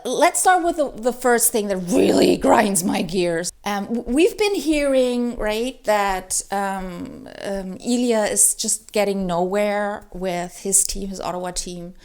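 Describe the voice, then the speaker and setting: Exasperated woman ranting about a book. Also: fairly high pitch. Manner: animated, exasperated ranting with many restarts. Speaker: book vlogger. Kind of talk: ranting reading vlog.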